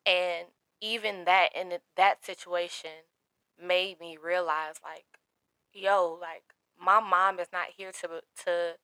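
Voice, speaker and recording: Young woman, candid storyteller, crisp bright tone. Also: on the low side, no echo. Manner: candid, emotional, quotes others in her own voice. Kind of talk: personal storytelling to camera.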